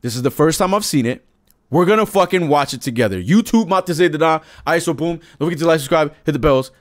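A man's voice: a little high, lively intonation, fast. A young man hosting a video reaction, emotional and pleading, swearing often as he talks. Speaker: YouTube reaction host.

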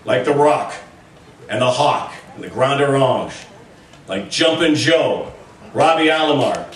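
A man's voice: medium pitch, animated, a little slow. A Canadian man with a Canadian accent emceeing a ceremony, giving a humorous speech in punchy, upbeat lists and chuckling between lines. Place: baseball hall of fame induction ceremony. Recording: echoey PA sound from far off, loud crowd. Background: cheering crowd.

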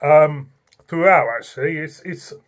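A beer reviewer with an English accent, chatting casually through a video tasting in an unhurried way and repeating phrases. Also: mid-range voice.

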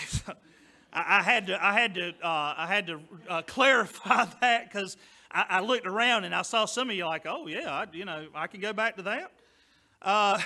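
A male pastor delivers a sermon in a high, very bright voice. He preaches loud and emphatic, stressing his points, then drops to softer asides to the congregation.

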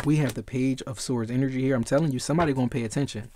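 A man's voice: mid-range voice, steady tone, very fast, few pauses, dark tone, slight background noise. A man giving a casual tarot reading, emphatic and repetitive, swearing freely. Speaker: tarot reader.

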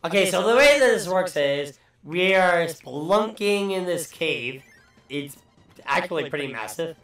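Casting: man, higher-pitched, loose and profane game commentator, recorded in an echoey room away from the mic. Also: lively intonation, a little slow, a bit bright, recorded from a distance, soft background music. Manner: profane, rambling, joking. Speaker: let's play host. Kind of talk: casual gameplay commentary.

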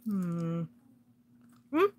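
A woman's voice: lowish voice, animated, extremely slow, mellow. A woman hosting a casual live jewelry sale, chatting to the pieces as she unpacks them and laughing often. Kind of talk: casual live-stream chat while unboxing.

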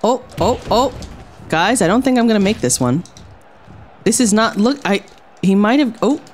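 A woman's voice: medium pitch, lively intonation, moderate pace, a little mellow, a little hiss or hum. A woman streaming a game, commenting casually and theatrically. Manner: playful, theatrical, lots of exclamations and laughs.

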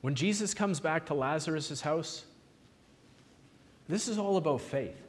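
Animated preacher in a reverberant church. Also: male voice, a little high, measured pace. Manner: animated storytelling, acting out Bible figures in his own voice. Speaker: pastor. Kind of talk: sermon. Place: church sanctuary. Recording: long hall reverb in a church.

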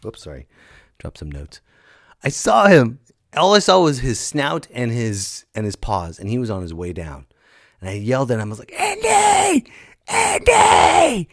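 A middle-aged man riffs through a comic podcast monologue in a low voice that swoops up and down. He talks like an animated storyteller and jumps into loud, high put-on voices. He sounds a little worn from being sick, and the recording is dry and close. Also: moderate pace, dry recording. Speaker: comedian and podcast host.

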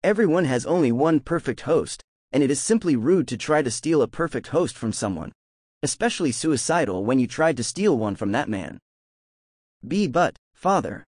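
A man narrating a fan-made audiobook of a fantasy web novel with expressive storytelling. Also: medium pitch, brisk, no echo, studio quality.

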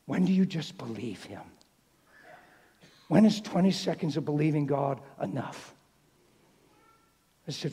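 A man preaching a sermon in a church, telling a story with lively acted-out dialogue. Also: on the high side, brisk, breathy edge. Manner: storytelling, animated, acts out dialogue. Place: church hall. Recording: long reverb in a church hall.

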